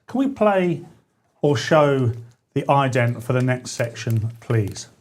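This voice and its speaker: A man's voice: medium pitch, animated, slow, a little mellow. A man hosting a radio talk show, bantering in a playful, mock-earnest way and laughing often. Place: radio studio.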